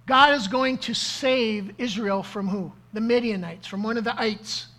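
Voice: mid-range voice, measured pace, a bit bright. Pastor preaching live; interactive, call-and-response, repeats key lines for emphasis. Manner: interactive, asks the audience questions, repeats key phrases. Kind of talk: sermon to a live congregation.

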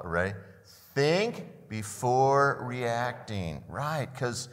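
A man's voice: on the low side, a bit bright, long reverb tail. An older man preaching a sermon as a pastor, often repeating the first words of a phrase and asking the listeners questions.

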